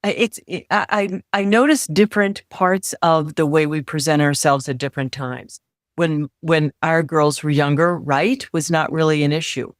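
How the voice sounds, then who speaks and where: A middle-aged woman coaching on confidence in an interview, measured and instructive, repeating key phrases for emphasis. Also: low voice, no echo, clean studio sound. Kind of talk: advice in interview.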